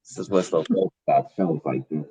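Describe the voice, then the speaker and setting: A man's voice: very deep voice, brisk, mellow, slightly rough, poor audio. A man hosting a casual chat, laid-back and easygoing. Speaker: host.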